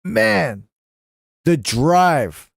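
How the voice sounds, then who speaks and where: A young man streams live, telling a casual story and cursing freely as he goes. His fairly high voice leaps around in pitch, and he lets each phrase out slowly. The sound is dry and close, with no room around it. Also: creaky, no echo. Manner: swears freely, animated, slips into voices for quotes.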